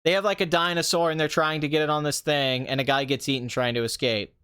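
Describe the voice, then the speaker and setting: Sarcastic ranting man, slightly high voice. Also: fast talker, clean tone. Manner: sarcastic, ranting, animated with mocking asides. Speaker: movie review podcast host. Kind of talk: casual ranting commentary.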